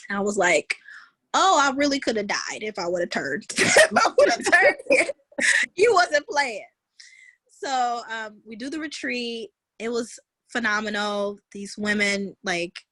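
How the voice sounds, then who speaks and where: A woman guest telling a personal story in a conversation, animated and vivid, leaning on "like" and "honey". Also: mid-range voice, dry recording. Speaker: guest, founder of a moms' group.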